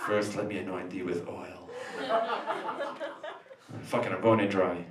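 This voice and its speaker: A man's voice: low voice, little pitch movement, unhurried, a loud crowd, pitched below the performer's own voice. A man playing a male demon who confesses his sins at a recovery meeting in a sheepish, confessional way. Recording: echoey room from far off.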